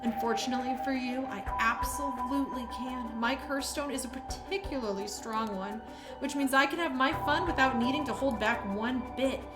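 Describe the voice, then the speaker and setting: A woman's voice: high-pitched, normal speed, loud music behind the voice, natural voice. A woman voicing a vicious, vengeful male killer who taunts his victim with cruel, profane sneers while reading a game's lines aloud. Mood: gloating.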